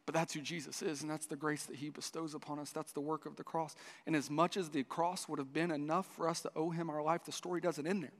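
Fast and with hardly any pauses, this pastor's voice is on the high side and shows little pitch movement. He tells his church a story with many restarts, voicing the dialogue, and a long hall reverb surrounds him.

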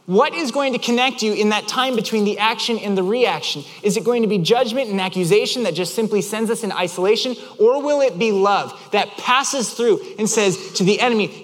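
A man preaching a sermon as a pastor, telling personal stories in an animated way and acting out the quotes. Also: high voice, fairly quick, few pauses. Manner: animated storyteller who acts out quotes. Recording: long hall reverb.

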